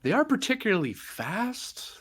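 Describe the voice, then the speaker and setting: A man's voice: high-pitched, huge pitch swings, normal speed, a bit bright, husky. Wry man thinking aloud at a game. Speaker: tabletop game player. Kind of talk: casual game chat.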